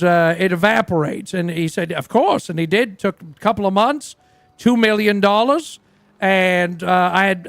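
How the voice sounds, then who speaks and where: A man's voice: high voice, fairly bright tone, no room sound. A man playing a crude, boastful rock singer in a roleplay game, telling a rambling story full of fillers. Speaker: roleplay character. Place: game stream from a dry studio.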